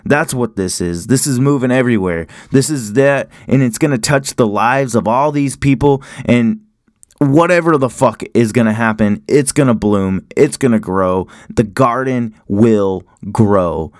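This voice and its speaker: A man hosting a podcast, pushing his project with hyped, emphatic energy. His voice sits at an even middle pitch and sounds dry and close. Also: measured pace, no echo. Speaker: podcast host. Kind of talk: promotional podcast outro.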